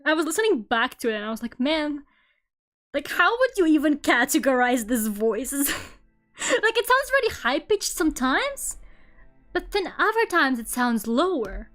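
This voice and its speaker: Young streamer woman, Russian accent, high voice, rambling chat over faint music. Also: big pitch swings, normal speed, fairly bright tone. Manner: rambling, laughs often, lots of fillers. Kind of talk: casual chat while drawing on stream.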